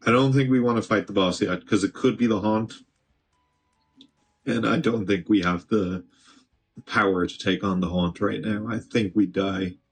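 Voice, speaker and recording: A man's voice: on the low side, steady tone, normal speed, faint music behind. A man streaming gameplay, chatting casually and talking back to the game, with an occasional swear. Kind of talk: live gameplay commentary.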